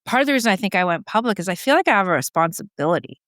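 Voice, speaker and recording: A woman's voice: medium pitch, racing, no room sound, studio quality. A middle-aged woman from Canada, a podcast guest telling her own story candidly and acting out what she said. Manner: animated, acts out quotes of herself.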